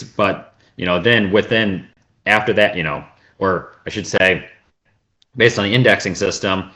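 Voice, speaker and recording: A man's voice: low-pitched, pushed and bright. A man, a meat science expert, explaining on a video call, thinking aloud with many fillers and restarts. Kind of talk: explanatory conversation.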